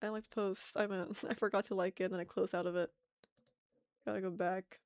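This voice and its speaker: A woman's voice: medium pitch, level tone, fairly quick, dry recording, studio quality. A young woman chatting casually on an art stream, giggling and poking fun at herself as she reads chat aloud.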